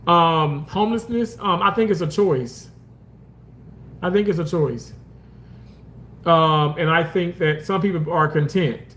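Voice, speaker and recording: A man's voice: measured pace, long pauses, a little hiss or hum. A man hosting a casual livestream, reading comments and talking loosely, swearing often and jumping into exaggerated mock voices. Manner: animated, swearing, swings into high mock voices. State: homeless, says so. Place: outdoors park.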